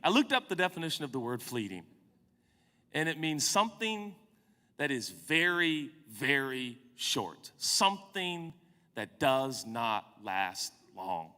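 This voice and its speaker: A man's voice: medium pitch, sing-song, slow pace, bright, forceful tone. A man in his forties, a pastor telling a comic, self-mocking story during a sermon. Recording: long hall reverb.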